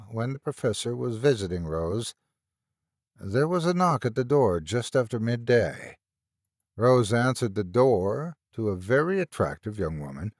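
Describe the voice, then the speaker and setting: A man narrating a story in a measured, expressive storytelling style, close to the mic. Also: mid-range voice, dry recording.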